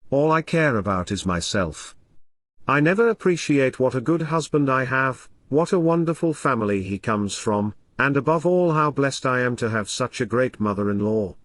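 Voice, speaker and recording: A worn-out young mother of three, her words heavy with sarcasm and fatigue, voiced by a male audiobook reader. The delivery sits a touch lower and softer than the narration, while still moving around in pitch. The sound is dry and close, with no room around it. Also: dry recording. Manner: weary and sarcastic. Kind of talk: audiobook dialogue reading.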